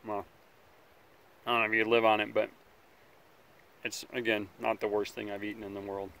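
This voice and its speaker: A man hosting a casual outdoor survival vlog, talking in a relaxed, rambling way by a campfire, sometimes chewing as he speaks. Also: fairly low pitch, a little fast, vocal fry. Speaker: outdoor survival channel host.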